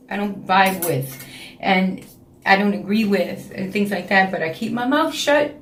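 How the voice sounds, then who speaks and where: A woman's voice: mid-range voice, a bit bright, slight background noise. Woman, late 30s, New York accent, emotional confessional vlogger, echoey room. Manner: frank, emotional, talks in repeated phrases. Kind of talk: casual confessional vlog. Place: home, indoors.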